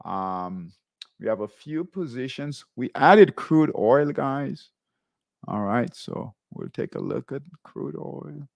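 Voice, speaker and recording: A man's voice: mid-range voice, expressive, slow pace, gravelly, dry recording. A man hosting a live trading show, talking viewers through charts and checking in with "right?" and "okay?". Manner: repeats tags like "right?" and "okay?" while pointing at charts.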